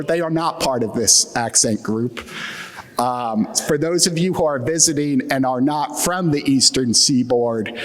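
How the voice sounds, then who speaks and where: A man's voice: medium pitch, a bit bright. An American man with an Atlantic Midland accent gives a conference talk with dry, self-deprecating humor. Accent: Atlantic Midland American English. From United States. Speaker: conference keynote speaker. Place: conference hall. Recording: long hall reverb.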